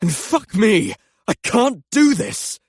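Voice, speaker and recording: Guilt-ridden male doctor in an audiobook, acted by a man, swearing outbursts, animated delivery. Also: high-pitched, slow, slightly rough, dry recording, studio quality, full character voice. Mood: self-loathing. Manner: swearing outbursts, self-loathing rants. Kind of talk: audiobook character acting.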